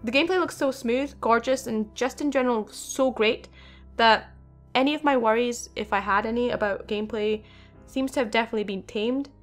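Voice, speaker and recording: A young woman hosting a gaming channel, talking in an excited, rambling way with many fillers. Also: a little high, fairly quick, faint music behind. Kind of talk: casual video game commentary.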